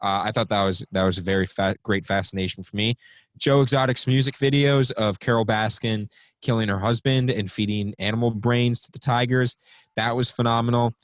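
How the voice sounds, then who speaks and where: A man's voice: lowish voice, steady tone, brisk, no room sound. Young male podcast co-host, rambly and offhand, dry close sound. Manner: rambling, reads from notes with many ums. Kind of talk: casual podcast chat.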